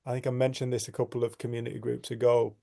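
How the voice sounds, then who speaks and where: A man with a deeply gravelly, mellow voice tells a personal story to his community group. He speaks earnestly and reflectively, often restarting his sentences as he gathers his thoughts. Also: little pitch movement, quick pace. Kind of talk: storytelling in casual conversation.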